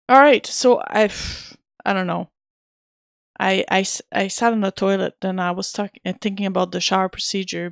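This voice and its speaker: A woman streams a game. She chats casually and answers her viewers' questions. Her mid-pitched voice has a gravelly, fried edge, and the desk mic sounds close and dry. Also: no room sound. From Canada. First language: French. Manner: chatty, answers chat questions as she plays. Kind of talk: casual gameplay commentary.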